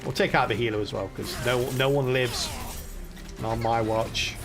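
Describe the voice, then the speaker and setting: Gravelly British man streaming a game. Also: medium pitch, fairly even intonation, moderate pace, music in the background. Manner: chatty, laughs often, talks to chat. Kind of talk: casual live-stream commentary.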